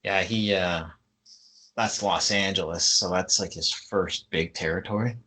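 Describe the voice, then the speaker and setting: A man co-hosting a wrestling podcast, introducing clips in a relaxed, matter-of-fact way. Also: low-pitched, unhurried, husky. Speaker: podcast co-host. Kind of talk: casual chat.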